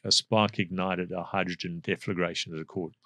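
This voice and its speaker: A middle-aged man with a South African accent, speaking as an energy expert in a podcast interview, measured and explanatory with frequent fillers. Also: deep voice, flat delivery, sharp tone.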